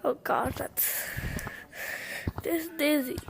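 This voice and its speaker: A woman's voice: high-pitched, takes it slowly, gravelly. A woman giving casual, chatty gameplay commentary, exclaiming and giggling to herself as she plays. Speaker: gaming vlogger.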